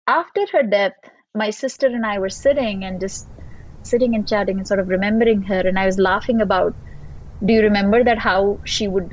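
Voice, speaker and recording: A woman, a podcast guest, telling a deeply personal story in an earnest, reflective way. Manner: reflective, earnest, voice wavering with emotion. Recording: dull lo-fi sound with soft music.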